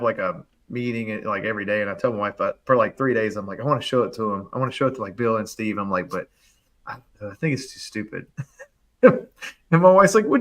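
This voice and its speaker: A man telling a long story in casual chat, animated and quick, full of fillers and acted-out quotes. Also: mid-range voice. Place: live online show, remote.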